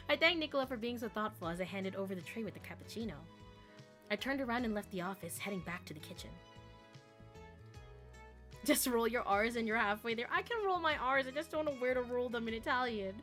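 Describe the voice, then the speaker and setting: A woman's voice: a little high, expressive, fairly quick, pauses often, a bit bright, faint music behind. A woman game streamer who jokes, laughs often and reads the story text aloud.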